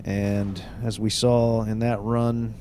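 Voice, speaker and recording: A man hosting a let's play video, stuffed up from a cold, talking in a relaxed, chatty way with plenty of fillers. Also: fairly low pitch, slow pace, slight background noise. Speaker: gaming video host.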